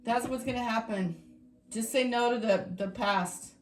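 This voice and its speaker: A woman giving a tarot reading to her viewers, talking in an emphatic, exasperated way that swings between scolding and excitement. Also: on the high side, unhurried. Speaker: tarot reader.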